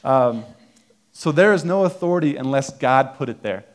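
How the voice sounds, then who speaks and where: A man's voice: medium pitch, animated, moderate pace. Young male preacher telling a casual story. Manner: casual, self-deprecating storytelling with many fillers. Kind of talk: sermon with personal story.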